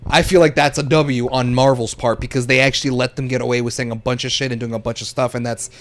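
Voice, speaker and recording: Young guy cohosting a podcast, slangy, animated, middle-pitched voice, just chatting. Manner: animated, slangy, quick bursts of opinion. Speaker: podcast co-host. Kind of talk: casual chat.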